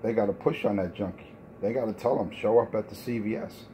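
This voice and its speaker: A man's voice: fairly low pitch, steady tone, fairly quick, mellow, slight background noise. A man trash-talking over the radio, taunting and repeating himself, with plenty of profanity. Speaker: CB radio talker.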